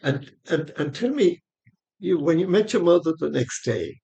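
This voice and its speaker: Gravelly-voiced man hosting a faith podcast. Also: a little high, big pitch swings, moderate pace, highs cut off. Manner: gentle, prompting questions, religious farewell. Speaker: podcast host. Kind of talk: interview and sign-off.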